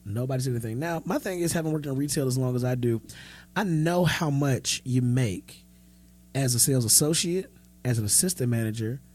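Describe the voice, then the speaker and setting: A man's voice: medium pitch, a little fast. A man in his thirties co-hosting a podcast, telling stories in casual chat and acting out the dialogue he quotes, frank and profane. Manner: animated storyteller who acts out quoted dialogue. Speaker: podcast co-host.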